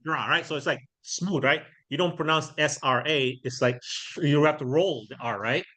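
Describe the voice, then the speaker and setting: Middle-aged male workshop trainer, bright and fairly high voice, chatty, tags lines with "right?". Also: moderate pace. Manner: conversational, keeps checking in with "right?"; acts out sample doorstep lines. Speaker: real estate trainer. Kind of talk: workshop teaching.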